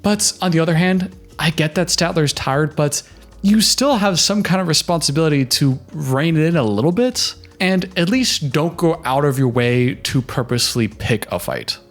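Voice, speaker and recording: A man's voice: fairly high pitch, moderate pace, faint music behind. Chatty man giving reality TV commentary. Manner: chatty, opinionated, advice-giving. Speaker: reaction commentator. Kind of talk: casual reaction commentary.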